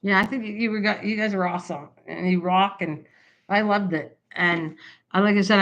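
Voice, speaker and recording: A woman's voice: mid-range voice, pushed and bright. An older woman hosting a craft livestream, chatting in a rambling way to her viewers and laughing often. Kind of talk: rambling casual livestream chat. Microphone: built-in camera mic.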